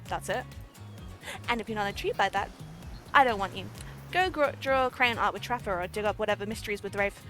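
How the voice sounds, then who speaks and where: A woman voicing a blunt, grim female killer in a dating game, deadpan. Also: mid-range voice, brisk, pauses often, soft background music.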